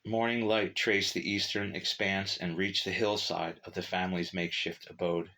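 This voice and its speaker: A man narrating a short story in a measured, steady reading. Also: sits low.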